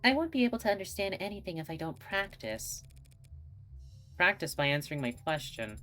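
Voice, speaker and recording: A woman's voice: on the low side, big pitch swings, a little fast, pushed and bright, faint music behind. A woman voicing a polite, earnest female android investigator with a slightly formal way of speaking, reading game dialogue. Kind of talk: game dialogue read aloud.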